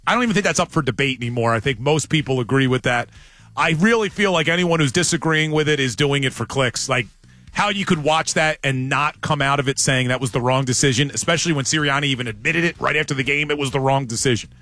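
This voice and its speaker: A man hosting sports talk radio, making emphatic, animated points about his team. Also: mid-range voice, fast talker, dry recording, faint music behind.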